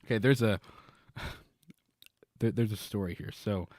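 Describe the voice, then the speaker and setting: A man's voice: on the low side, takes it slowly, a little mellow, dry recording, clean studio sound. A man co-hosting a podcast, telling a long story in casual chat, rambling with many fillers and restarts. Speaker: podcast co-host.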